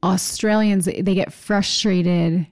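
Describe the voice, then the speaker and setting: A woman's voice: fairly low pitch, steady tone, slow, darkish tone. A woman in her thirties co-hosting a casual chat, candid and teasing, often laughing. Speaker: podcast co-host.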